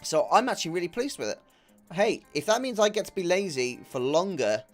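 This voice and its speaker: A man's voice: high voice, expressive, fairly quick, soft background music. A young man chatting casually on a game stream, laughing often and swearing freely. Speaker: live-streaming gamer.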